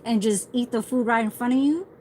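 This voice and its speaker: A woman's voice: a little high, fairly quick, warm tone, slight background noise, rough recording. Rambling foul-mouthed woman livestreaming. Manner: heavy swearing, rambling storytelling. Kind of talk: casual livestream rant.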